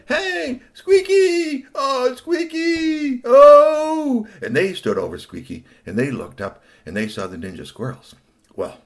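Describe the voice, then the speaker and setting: A middle-aged man narrating a children's story in an animated way, talking to young listeners. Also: low-pitched, vocal fry.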